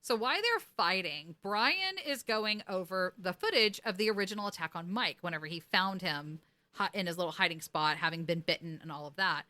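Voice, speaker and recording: Woman podcast host, bright voice, animated recap, keeps doing the characters' lines. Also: fairly low pitch, a little fast. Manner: animated storytelling, acting out quotes, laughing. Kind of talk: casual recap chat.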